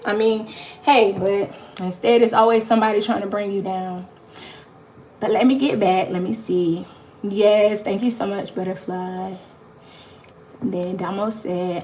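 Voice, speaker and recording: A woman's voice: a little high, a little slow, a little hiss or hum. A woman, mother of four, talking casually on her livestream in a rambling, encouraging way full of "like" fillers. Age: adult mother of four. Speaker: YouTube live streamer.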